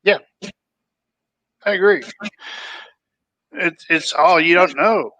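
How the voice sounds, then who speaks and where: A man's voice: sits high, slow, sharp tone, lo-fi sound. A man in a loose, folksy casual book chat, rambling and restarting his sentences. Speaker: podcast co-host.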